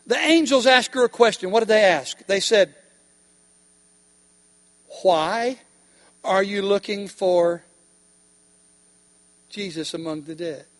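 High-voiced man preaching in a reverberant hall. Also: animated, takes it slowly, long pauses, fairly bright tone. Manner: emphatic preaching with call-and-response questions. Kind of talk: sermon.

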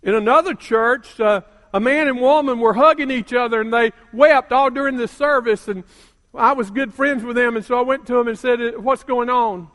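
An older man preaching a sermon as a pastor, calling out to the congregation and building to emphatic shouts. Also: very high voice, moderate pace. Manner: call-and-response preaching, rising to emphatic shouts. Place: church sanctuary. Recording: long reverb of a church hall.

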